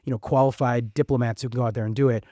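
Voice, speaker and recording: Fast blunt guy on a podcast, lots of ums and likes, dry close mic. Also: mid-range voice, dry recording. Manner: fast, animated talker with frequent fillers and swearing. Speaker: podcast guest. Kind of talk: casual conversation.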